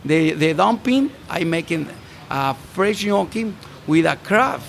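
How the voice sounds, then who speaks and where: Chef from Mexico, gravelly voice, halting English, interviewed outdoors on a rooftop. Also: male voice, fairly high pitch, expressive, slight background noise. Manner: halting, broken English with restarts. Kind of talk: casual interview. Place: restaurant rooftop bar, outdoors.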